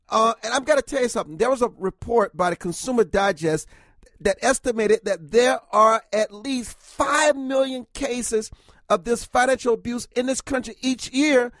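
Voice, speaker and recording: A man's voice: very high-pitched, a bit bright, no echo. A man hosting a talk radio discussion, speaking earnestly and emphatically, often listing points one after another. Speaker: radio talk show host.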